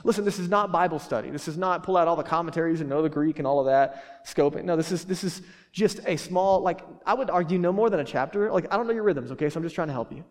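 A man preaches in a loose, joking way, circling back with fillers and quick restarts. His voice sits a little high for a man. The sound rings with the long echo of a church hall. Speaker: pastor. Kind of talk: sermon.

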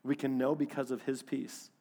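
Animated preacher man in a reverberant hall. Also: mid-range voice, moderate pace. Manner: animated, swings from loud to hushed. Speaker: pastor. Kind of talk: sermon.

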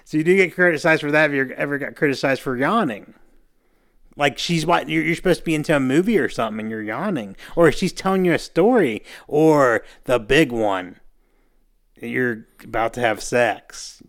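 A man's voice: mid-range voice, lively intonation, moderate pace, a bit bright. A man co-hosting a podcast, chatting casually and laughing often as he recaps scenes from a TV comedy. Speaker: podcast co-host. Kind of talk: casual chat.

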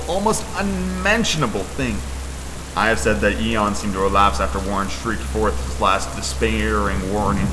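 A man's voice: fairly low pitch, noisy background. Man reading horror in a rain-soaked echo. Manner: measured, ominous storytelling. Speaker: podcast host and reader. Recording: echoey reverberant room with loud rain.

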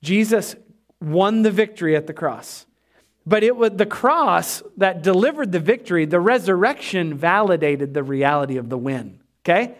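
A man preaching an energetic sermon in a church, asking the congregation for responses as he goes. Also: high voice, moderate pace. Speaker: pastor.

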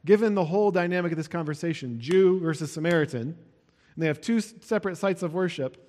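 A male pastor preaching in a relaxed, conversational way, with a voice pitched a little higher than most men's. The sound carries a long reverb, as if recorded in a large hall. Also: fast. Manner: explains verses with a casual, conversational aside. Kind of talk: sermon.

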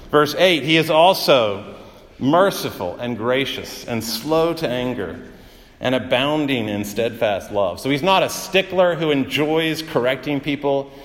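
Man preaching in a reverberant hall. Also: mid-range voice. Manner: conversational preaching with frequent uh fillers and vivid everyday examples. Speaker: pastor. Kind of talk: sermon.

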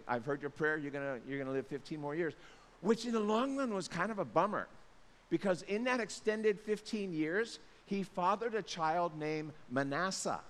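High-voiced man preaching in a reverberant hall. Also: fairly bright tone. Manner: casual, joking storytelling. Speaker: pastor. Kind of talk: sermon.

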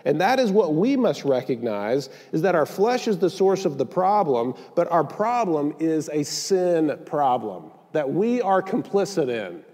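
A man's voice: on the high side, sing-song, unhurried, hardly any pauses, darkish tone, big-room sound. A male pastor delivering a sermon in a conversational style, mixing in joking asides, recorded in a church sanctuary.

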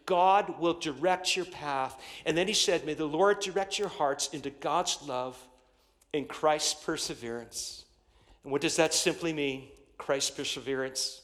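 High-voiced male pastor preaching. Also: moderate pace. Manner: call-and-response preaching, swelling to shouts. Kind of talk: sermon.

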